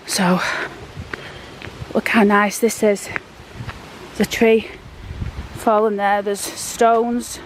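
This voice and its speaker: A woman vlogger speaks very slowly in a flat, mid-range voice, pausing often while she walks through town with a handheld phone. A little hiss or hum sits under her rambling, down-to-earth, out-of-breath chatter in this casual walk-and-talk vlog.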